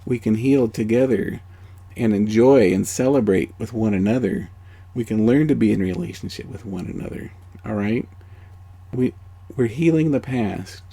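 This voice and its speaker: A man teaching a spiritual course outdoors in a gentle, conversational way. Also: fairly low pitch, normal speed, creaky, slightly rough. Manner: gentle, conversational, many "you know"s.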